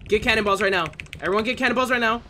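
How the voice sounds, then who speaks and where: A man's voice: high-pitched, very fast, bright, forceful tone, a little hiss or hum. A young man streaming a game with friends over a headset, swearing a lot and breaking into panicked shrieks and laughter when scared. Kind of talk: casual gaming chat.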